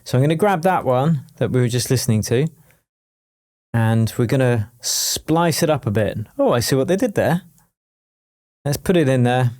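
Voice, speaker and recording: A man teaching a music production tutorial in a chatty, jokey way, wired on coffee and full of quick asides. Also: medium pitch, expressive, darkish tone. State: wired on coffee, talking fast. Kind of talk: screen-recorded production tutorial.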